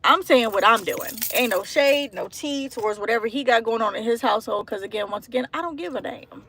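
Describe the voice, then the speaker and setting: Thirties woman, earnest rambling vlog to a handheld phone, slightly high voice, loud traffic behind. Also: a little fast. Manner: earnest, emotional and rambling, with many restarts. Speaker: vlogger. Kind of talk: casual heartfelt monologue vlog. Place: out and about, walking into a store.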